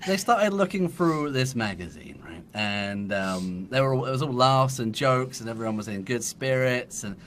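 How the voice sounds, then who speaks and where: A man's voice: medium pitch, big pitch swings, moderate pace, few pauses, fairly bright tone, a little hiss or hum. A man in his thirties with an English accent, a podcast guest telling a long, laughing story in casual chat. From England.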